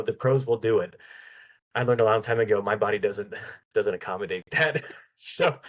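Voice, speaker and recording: A man, a podcast guest, telling a lively anecdote in casual conversation, often restarting his sentences. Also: fairly low pitch, muffled recording. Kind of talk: casual storytelling in an interview.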